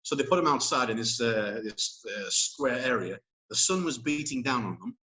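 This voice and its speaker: A man's voice: mid-range voice, animated, normal speed, pushed and bright, poor audio. A man speaking as an interview guest. He talks in casual chat, rambling and emphatic, with many fillers and restarts.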